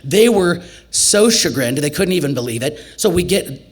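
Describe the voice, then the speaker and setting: A woman from Nebraska telling a story on stage at a storytelling festival, conversational and animated, with laughter, acting out quoted lines with big leaps in pitch. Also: normal speed, husky. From Nebraska, USA. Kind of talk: live storytelling performance.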